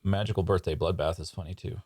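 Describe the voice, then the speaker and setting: A man's voice: sits low, fairly even intonation, fast talker, darkish tone, breathy edge, dry recording, studio quality. A man writing comedy live on stream, talking casually and hesitantly with many fillers. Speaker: sketch writer and streamer. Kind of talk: live sketch-writing chat.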